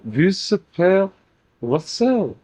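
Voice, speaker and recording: A man channeling a playful, teasing female spirit in a slow, halting way, in a channeling session. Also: high-pitched, very animated, darkish tone, dry recording, full character voice. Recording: dull dry lo-fi recording.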